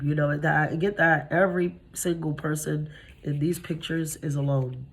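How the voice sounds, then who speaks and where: Low, husky young woman, casual streetwise tarot reader who talks straight to camera. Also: steady tone, normal speed. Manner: chatty, streetwise, talks to viewers directly.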